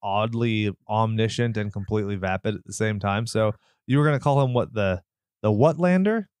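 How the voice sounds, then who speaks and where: A man's voice: on the low side, moderate pace, darkish tone, clean tone, dry recording. A man co-hosting a horror movie podcast, talking in a sarcastic, joking way and swearing freely. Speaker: podcast co-host. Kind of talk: casual movie review banter.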